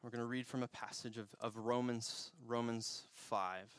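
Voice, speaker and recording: A man's voice: mid-range voice, fairly even intonation, moderate pace, smooth. A young man preaching a conversational sermon, telling a personal story with frequent laughs and self-corrections. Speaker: pastor. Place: church.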